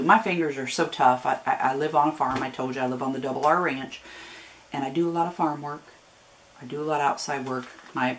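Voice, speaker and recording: A low-pitched woman from Northern Ohio whose Northern US accent carries a growing Southern twang. She walks through a craft project in a chatty, folksy way, drifting into friendly warnings and side stories. A faint hiss of background noise sits under her voice. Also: a bit bright. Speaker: craft tutorial host. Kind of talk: casual step-by-step craft demonstration.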